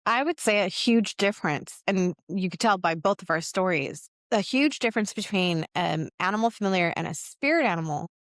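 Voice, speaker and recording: A woman co-hosting a casual spiritual podcast, telling stories in an animated way and acting out the quotes. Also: medium pitch, moderate pace, hardly any pauses, no room sound, studio quality. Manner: animated storyteller, acts out quotes, laughs often. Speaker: podcast co-host.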